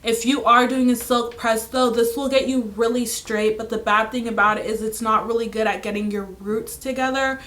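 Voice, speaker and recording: A young woman reviewing her favorite beauty products in a casual chat, her voice raspy and hoarse from illness, with lots of filler words. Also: a little high, fairly even intonation, normal speed, hardly any pauses, fairly bright tone. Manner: chatty, full of "like" fillers. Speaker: beauty vlogger.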